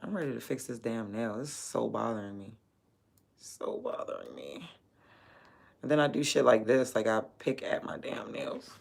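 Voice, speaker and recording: Gravelly woman chatting on her stream, blunt, swears a lot, laughs a bunch. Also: extremely low pitch, brisk, hardly any pauses, darkish tone. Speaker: livestreamer. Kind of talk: casual livestream chat.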